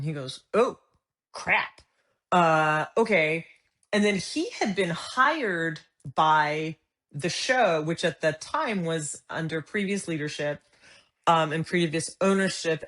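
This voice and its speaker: A middle-aged woman telling a story as an interview guest, acting out the dialogue as she goes. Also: sits low. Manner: animated, acts out quoted dialogue. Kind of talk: conversational storytelling.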